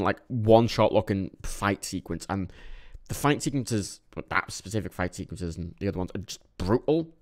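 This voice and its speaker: A young man casually reviewing films, rambling, swearing often, with sudden animated bursts and a tired edge. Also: deep voice. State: a bit tired. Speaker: film reviewer. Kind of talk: casual monthly movie review vlog.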